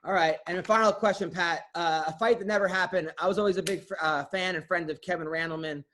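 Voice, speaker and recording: A man's voice: high-pitched, fairly even intonation, quick pace, a bit bright. A man hosting a podcast, asking eager, curious questions and often stumbling over his words. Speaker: podcast host. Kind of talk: interview questions.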